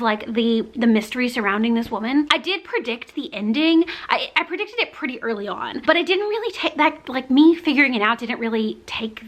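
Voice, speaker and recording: A woman's voice: on the high side, a bit bright. A young woman from the American South talking casually and candidly about books she has read, with lots of fillers and restarts. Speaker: book reviewer. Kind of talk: casual book review vlog.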